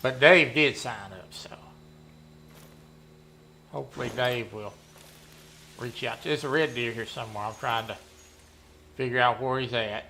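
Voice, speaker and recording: A man, chatting casually while playing a hunting game, rambling and often clearing his throat. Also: medium pitch, measured pace, long pauses, bright, forceful tone, slight background noise. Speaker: gaming streamer running a members' community.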